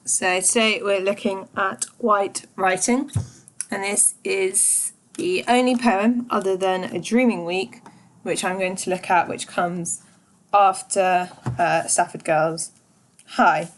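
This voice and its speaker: A woman giving a revision lesson on a poem, thoughtful and pausing often with small fillers. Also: mid-range voice, fairly even intonation. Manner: slow, thoughtful, pauses often with ums. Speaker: teacher.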